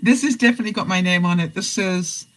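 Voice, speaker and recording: A woman vlogger chatting casually with her viewers, frank and quick to laugh. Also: on the low side, low-quality recording. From Canada. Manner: chatty and blunt, laughing often. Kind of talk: casual live chat to viewers.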